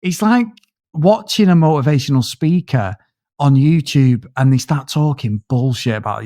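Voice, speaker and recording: A man's voice: mid-range voice, moderate pace, dry recording, studio quality. A man co-hosting a casual film review podcast, rambling and swearing as he tells his stories. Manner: rambling, sweary, animated storytelling. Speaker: podcast co-host.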